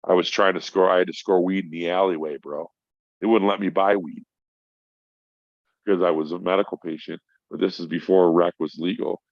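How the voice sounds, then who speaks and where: A man's voice: sits low, fairly even intonation, moderate pace, dry recording. A middle-aged man, stoned, telling a rambling, profane story in casual chat as a podcast guest. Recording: dull lo-fi sound.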